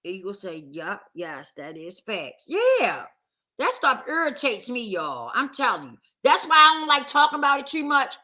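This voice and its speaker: Talking straight to camera, a woman vlogger delivers a casual, emphatic rant in a high-pitched, bright, forceful voice. She keeps circling back to the same points, repetitive and heated.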